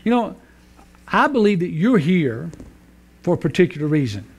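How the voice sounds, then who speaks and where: Pastor, 50s, high-voiced, folksy sermon delivery with fillers. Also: male voice, very animated, normal speed, husky. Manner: folksy, joking storyteller with frequent fillers. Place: church sanctuary.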